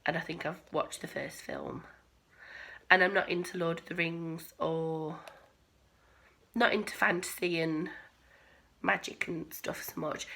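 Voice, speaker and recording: A woman in her twenties chatting casually to camera with a croaky voice, rambling with lots of ums and whispered asides. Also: lowish voice, pushed and bright. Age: 20s. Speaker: crochet vlogger.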